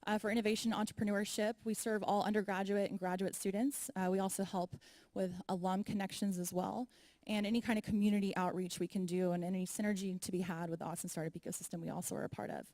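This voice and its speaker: A woman's voice: medium pitch, little pitch movement, fast talker, darkish tone. A woman moderating a university panel, upbeat and chatty as she introduces the speakers. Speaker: moderator, program manager. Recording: reverberant hall.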